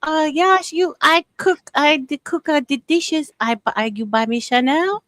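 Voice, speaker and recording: A man mimicking a sweet, soft-spoken young wife who speaks halting broken English, in a high, sugary voice. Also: no room sound. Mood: cooing.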